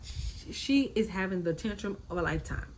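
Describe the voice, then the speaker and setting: A woman hosting a casual recap, talking in an animated way, repeating her points and acting out quotes. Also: medium pitch, fairly quick, a little hiss or hum, rough recording. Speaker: reality TV recap host.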